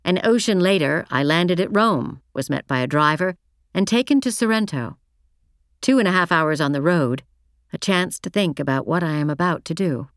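Female audiobook narrator, low voice, measured reflective first-person read, dry booth sound. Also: animated, dry recording.

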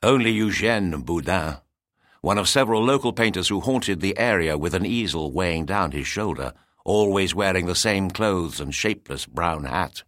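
Man, storybook narrator, lowish voice, very expressive, dry close sound. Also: normal speed, no room sound. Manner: expressive, descriptive reading.

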